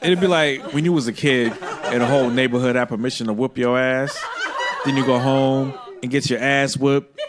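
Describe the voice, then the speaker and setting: A man's voice: mid-range voice, steady tone, normal speed. A male stand-up comedian telling brash, profane stories on a stage with a handheld mic. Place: comedy stage before an audience. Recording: live show with loud crowd laughter.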